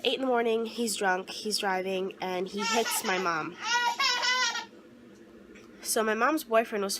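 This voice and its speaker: A young woman vlogger telling a personal story in an earnest, halting way, often restarting her sentences and close to tears. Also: mid-range voice, a bit bright, slight background noise, rough recording.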